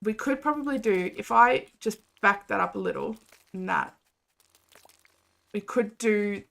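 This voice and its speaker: Her voice is mid-range, creaky and fairly bright, and she speaks at a measured pace. This game streamer rambles and giggles as she chats with viewers mid-play. Faint game music can be heard in the background.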